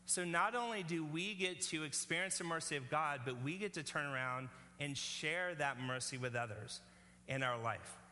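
A man's voice: fairly high pitch, moderate pace, sharp tone, in a large hall, slight background noise. A male pastor preaching a sermon in an earnest, conversational way, often checking in with the congregation.

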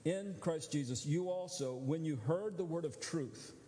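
A man's voice: fairly high pitch, a little slow, dark tone. A man preaching a sermon as pastor, teaching in a conversational way and checking that his listeners follow. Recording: long church hall reverb.

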